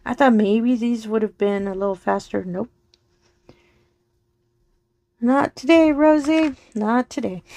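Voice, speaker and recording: A woman chatting casually while diamond painting on her craft channel, her voice going soft and slow as she focuses, with frequent giggles. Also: medium pitch, no echo. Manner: giggles often between remarks. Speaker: crafting vlogger.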